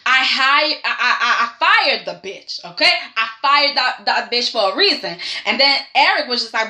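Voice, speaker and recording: A sassy young woman talks through a soap opera episode, acting out each character's lines with lively emphasis. Her voice is bright and a little high, and the room around her sounds echoey. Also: moderate pace, few pauses. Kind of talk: casual recap vlog.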